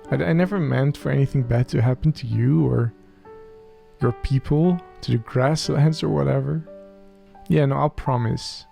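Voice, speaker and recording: A man with a gravelly, dark-toned voice narrates his Minecraft let's play, staying in character. He talks softly and earnestly to a creature beside him. Faint music plays underneath. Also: medium pitch, normal speed. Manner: soft, earnest in-character musing, talking to a game creature.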